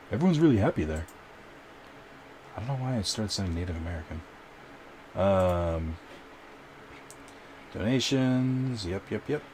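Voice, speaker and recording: A man's voice: low voice, a little mellow, a little hiss or hum. A man streaming a game and chatting with viewers in a rambling, casual way, full of fillers and restarts. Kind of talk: casual live-stream chat while gaming.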